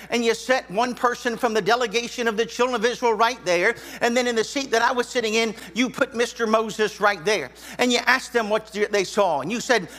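A man's voice: very high-pitched, pushed and bright. A man preaching a sermon in a church auditorium, folksy and joking with the congregation. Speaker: pastor.

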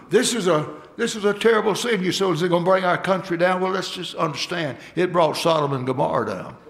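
A man's voice: high-pitched, brisk, gravelly, a bit bright. A man preaching a sermon, folksy and emphatic, calling out for amens from the congregation.

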